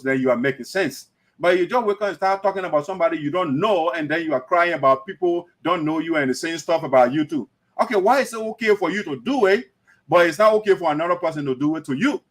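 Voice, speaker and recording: A man's voice: fairly high pitch, fairly bright tone. A man hosting an online talk show, lecturing emphatically in livestream commentary. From Liberia.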